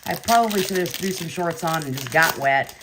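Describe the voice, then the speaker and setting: Low-pitched lady chatting away while ripping card packs, laughs a bunch, lots of crinkly noise in the background. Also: animated, a little fast. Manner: chatty, laughs often, talks to viewers by name. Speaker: card break host. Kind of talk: casual chat while opening cards.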